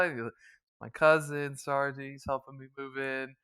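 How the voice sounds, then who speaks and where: A man's voice: mid-range voice, flat delivery, normal speed, sharp tone, smooth. A young man from the US East Coast hosting a podcast, telling crude, joking stories in casual chat. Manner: crude, laughing storyteller. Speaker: podcast host.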